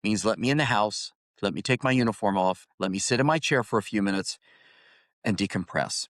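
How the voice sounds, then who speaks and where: A middle-aged man, a retired highway patrol officer, telling stories in a casual interview and often repeating words as he starts a thought. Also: brisk, no echo, clean studio sound. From Ohio, United States. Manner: storytelling, animated, repeats words when starting.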